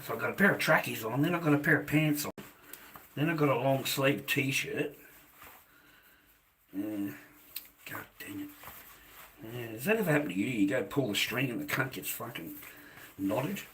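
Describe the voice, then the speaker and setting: Middle-aged Australian man, foul-mouthed livestream rant, bright and forceful tone. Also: mid-range voice, animated, moderate pace, long pauses, slight background noise. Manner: profane, blunt, talks to his chat.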